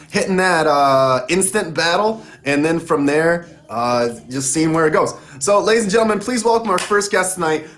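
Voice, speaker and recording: A man's voice: fairly high pitch, fairly bright tone. A man hosting a live-stream interview show, talking in an enthusiastic, chatty way and laughing easily. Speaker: host.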